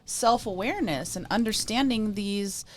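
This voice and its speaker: A woman co-hosting a casual talk on emotions and spirituality, emphatic and quick to laugh, often checking in with "right?". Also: medium pitch, a little hiss or hum. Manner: laughs easily. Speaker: co-host.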